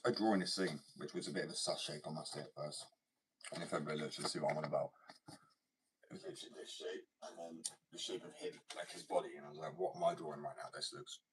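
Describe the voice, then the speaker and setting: A young man rambling casually and swearing, often dropping to a whisper. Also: low voice. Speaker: vlogger. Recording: far from mic, faint noise.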